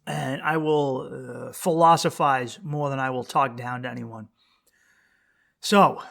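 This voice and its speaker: A man's voice: mid-range voice, creaky, fairly bright tone. A man hosting his own podcast alone, rambling bluntly and profanely, often restarting sentences and throwing rhetorical questions at the listener. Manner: rambling, profane, self-interrupting with frequent restarts. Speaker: podcast host. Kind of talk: casual solo podcast monologue.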